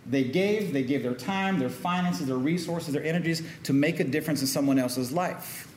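A man's voice: a little high, normal speed, a little mellow, a little hiss or hum. A middle-aged man preaching a sermon as pastor, talking in a loose conversational way and calling out to the congregation for responses. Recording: echoey room with faint ambience.

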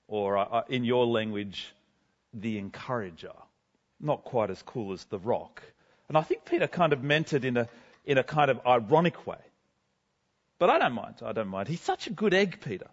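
A man's voice: mid-range voice, muffled recording. A man giving a first-person sermon in character as a cheerful, chatty apostle, talking to a congregation in a school gym. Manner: chatty, self-deprecating, bubbly. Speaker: guest speaker.

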